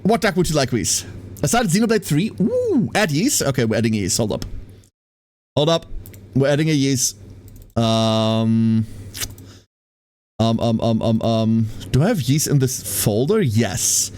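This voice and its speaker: A man from Germany, a streamer chatting casually with his live audience, animated and giggly as he greets viewers by name. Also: medium pitch, unhurried, pauses often.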